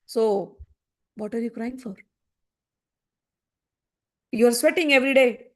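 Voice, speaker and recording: A woman's voice: fairly high pitch, a little slow. A woman explaining a spiritual text, pressing her listener with repeated rhetorical questions. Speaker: scripture teacher. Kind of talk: spoken commentary on a spiritual text.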